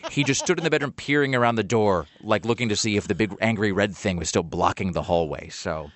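A man's voice: on the low side, fast talker. A man hosting a radio show, telling rambling pet stories in casual chat, with lots of uh and like.

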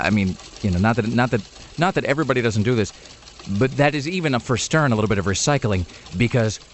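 A male talk radio host who rattles along at a fast clip, full of sardonic asides and tangents. His voice sits slightly low and carries a faint hiss of background noise from the studio. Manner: rapid, sardonic, rambling asides. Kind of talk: irreverent talk radio banter.

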